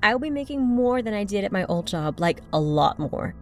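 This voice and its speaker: Woman doing a playful young wife, bit of gravel in her voice, soft music behind. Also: medium pitch, very animated, normal speed. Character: young adult wife, cheerful and teasing. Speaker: narrated story character. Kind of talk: audio drama dialogue. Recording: faint background music.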